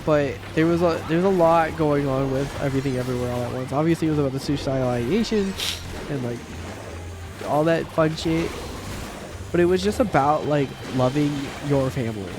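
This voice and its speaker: A man in his thirties chatting casually on a game livestream, rambling and swearing, with sudden loud outbursts. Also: fairly high pitch, over music. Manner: profane, rambling, quick bursts of shouting. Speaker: streamer. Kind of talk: casual livestream chat while gaming.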